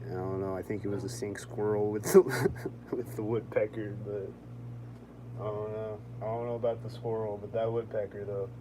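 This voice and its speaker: A young man talking casually in a vlog, rambling and filling his speech with "like", quick to sound annoyed. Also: lowish voice, fairly even intonation, noisy background. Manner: rambling, heavy on "like", quick-tempered. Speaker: vlogger.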